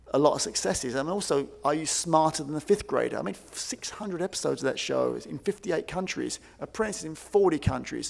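A man giving a conference keynote, telling stories in an animated way and acting out quoted voices. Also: a little high, vocal fry. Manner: animated, acts out quoted voices, many fillers. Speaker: keynote speaker. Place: large conference hall. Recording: long hall reverb.

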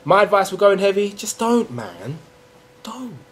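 A man's voice: sits high, big pitch swings, normal speed, slight background noise. Chatty blunt young man vlogging. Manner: chatty and blunt, swings from mumbling to loud emphatic bursts. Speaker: fitness vlogger. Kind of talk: casual talk to camera.

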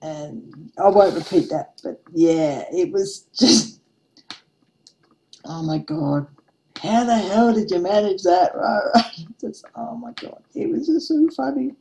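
A woman's voice: mid-range voice, takes it slowly, gravelly, warm tone, a little hiss or hum, low-quality recording. A woman in her forties telling a funny anecdote in a casual craft-vlog chat, laughing often as she goes. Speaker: craft vlogger.

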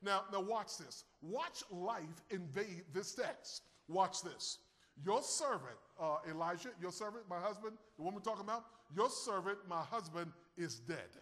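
A man preaching a sermon, animated and calling on his listeners to answer and raise their hands. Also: sits high, a little slow, long reverb tail. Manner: animated, calls on the audience to respond.

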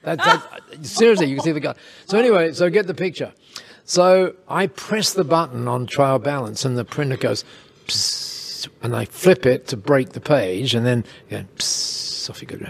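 A man telling a casual anecdote in an interview, lively, with chuckles and quick asides. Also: medium pitch, gravelly, husky. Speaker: interview guest, storyteller.

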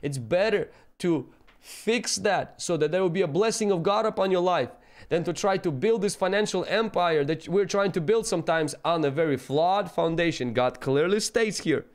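A man delivers an earnest sermon in a voice that sits a little higher than most men's. He tells stories from his own life and acts out the voices of the people in them as he goes. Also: expressive, normal speed. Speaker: preacher.

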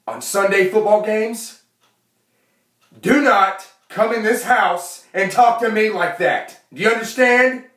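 Man doing a domineering big brother, loud, higher and strained, shouting orders, echoey room, distant mic. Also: slow. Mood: commanding. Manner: shouting, commanding. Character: tough older brother laying down the law.

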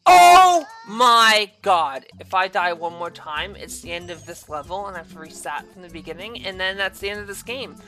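A woman giving angry gameplay commentary, cursing and yelling in exasperation. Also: lowish voice, a little fast, hardly any pauses, over music. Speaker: gaming video creator.

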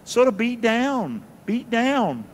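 Man preaching, high voice, echoing hall. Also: very animated, slow pace, slight background noise. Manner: call-and-response preaching, repeats phrases. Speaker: pastor. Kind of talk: sermon. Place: large church sanctuary.

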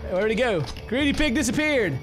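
A young man giving goofy let's-play commentary, yelling and joking at the game. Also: very high voice, lively intonation, fairly quick, over loud music. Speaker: gaming commentator.

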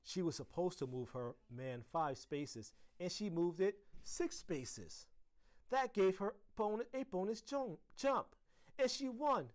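A man voicing an upset schoolgirl who shouts accusations at her best friend in a storybook reading. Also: big pitch swings, unhurried. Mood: tearful. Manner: loud, accusing, high.

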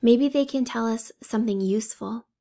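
A woman's voice: on the high side, moderate pace, gravelly, mellow. A woman voicing a brave young schoolgirl who speaks firmly and urgently.

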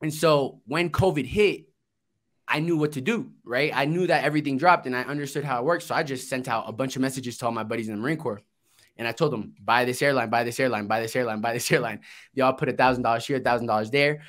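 Man guest, grew up in Florida, easygoing storyteller, salty language, plays out conversations, average pitch. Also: fast talker, a bit bright. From Florida, United States. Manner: laid-back, swears, acts out quoted dialogue. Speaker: guest, investing entrepreneur. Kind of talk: casual storytelling interview.

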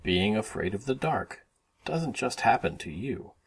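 A man reading a children's storybook aloud for his kids, expressive and animated. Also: lowish voice, unhurried, slight background noise.

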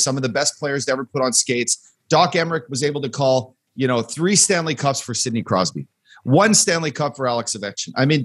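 A man's voice: mid-range voice, fairly bright tone, breathy edge, no room sound. A man in his thirties co-hosting a sports podcast, talking with enthusiasm and stumbling over repeated words. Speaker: podcast co-host. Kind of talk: casual sports chat.

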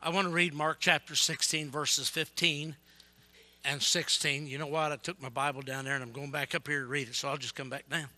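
A man evangelist preaching a sermon, telling stories with energy and yelling to get his point across. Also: a little high, brisk. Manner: yells and gets fired up; animated storytelling.

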